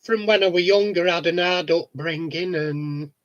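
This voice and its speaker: A man's voice: sits high, normal speed, a bit bright, muffled recording. A man in a casual monologue vlog, talking bluntly, swearing freely and chuckling often. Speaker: vlogger.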